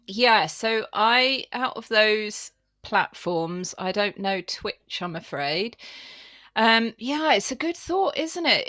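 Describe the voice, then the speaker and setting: A woman from England, chatting as a guest on a live show. She speaks slowly and earnestly, with a bright, forward tone. The sound is close and dry, with no room echo. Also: medium pitch. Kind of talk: casual live-stream chat.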